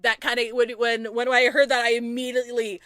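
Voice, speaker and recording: Woman streamer, bright edgy voice, worked up, rambling, apologetic. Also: fairly high pitch, little pitch movement, fairly quick, dry recording. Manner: rambling, frustrated, apologetic, many restarts. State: agitated. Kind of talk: casual live-stream chat with viewers.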